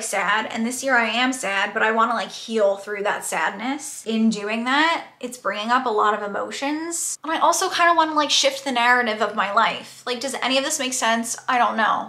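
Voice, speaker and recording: A woman's voice: fairly high pitch, sharp tone, reverberant. A young woman rambling candidly as she does her makeup in a casual get-ready-with-me chat. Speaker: beauty vlogger.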